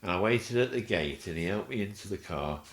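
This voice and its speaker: An older man, a guest telling an animated story and acting out the voices in it. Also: low voice, brisk. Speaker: interview guest. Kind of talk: anecdotal storytelling.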